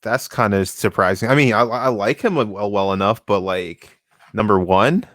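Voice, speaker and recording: A man co-hosting a casual discussion stream, talking in a halting way and searching for words mid-sentence. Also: fairly low pitch, fairly bright tone, dry recording, clean studio sound. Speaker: co-host reading the series.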